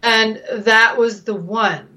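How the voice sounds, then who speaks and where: A woman, a regular guest on a talk show, chatting candidly and telling lively stories. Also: slow pace. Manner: animated storyteller, swoops high when excited. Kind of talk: candid casual chat.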